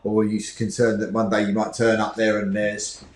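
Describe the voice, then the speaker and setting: A man's voice: lowish voice, completely flat delivery, a little fast. A man hosting a talk show, asking long, multi-part questions. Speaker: host. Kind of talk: interview questions. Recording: echoey room with faint noise.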